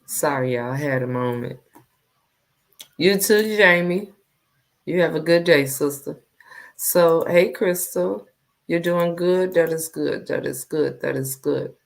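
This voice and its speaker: Low, gravelly-voiced woman hosting a live chat. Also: slow pace, pauses often. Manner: heartfelt, repeats phrases. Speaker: livestream host.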